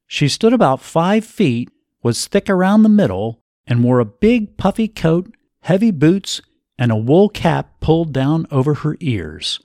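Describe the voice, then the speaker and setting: A man narrates an audiobook in an expressive storytelling manner. His voice sits slightly high and moves through very lively ups and downs. The sound is dry and close, with no room echo. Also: measured pace.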